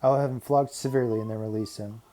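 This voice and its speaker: A man voicing a weary Roman governor in a Bible story, speaking firmly and deliberately. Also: mid-range voice, steady tone, warm tone, close to an everyday voice. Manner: firm, deliberate, pleading.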